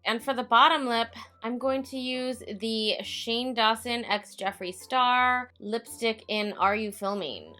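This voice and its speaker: Bright-voiced chatty woman doing makeup. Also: on the high side, a little slow, hardly any pauses, soft background music. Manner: chatty, self-mocking, swears freely; talks to herself as an onlooker. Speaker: makeup vlogger. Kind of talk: casual makeup tutorial voice-over.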